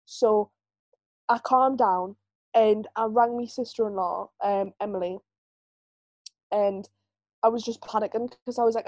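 A woman's voice: medium pitch, fairly even intonation, normal speed, darkish tone, no echo, rough recording. A woman, co-hosting a podcast and telling a long personal story in a candid, rambling way, full of "like" fillers. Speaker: podcast co-host. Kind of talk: casual chat.

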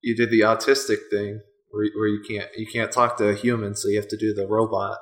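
A man's voice: lowish voice, little pitch movement, fairly quick, fairly bright tone. A man co-hosting a podcast in casual chat, with dry, self-deprecating humor and frequent laughs. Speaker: podcast co-host.

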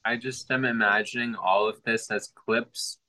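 A man's voice: fairly low pitch, steady tone, moderate pace, pushed and bright, poor audio. A man hosting a podcast, teasing his guest in an amused, rambling way. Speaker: podcast host. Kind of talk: casual podcast chat.

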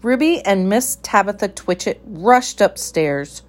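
A woman reading a children's storybook aloud with measured, expressive narration. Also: mid-range voice. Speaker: storybook reader.

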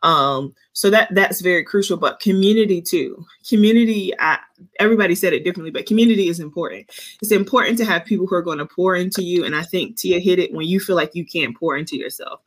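Earnest, animated woman podcast host. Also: on the low side. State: eight months pregnant. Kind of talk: casual Christian podcast chat.

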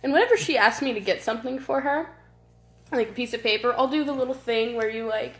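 A woman's voice: on the high side, quick pace. Giggly woman in an echoey basement. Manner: animated, giggly storyteller. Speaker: podcast co-host. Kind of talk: casual chat. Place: suburban basement. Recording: roomy basement echo.

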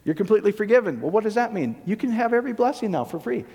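A man's voice: high voice, big pitch swings, fast talker, vocal fry, darkish tone, slightly rough. A male pastor preaching a conversational sermon, often asking the congregation whether it makes sense. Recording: long reverb of a large hall.

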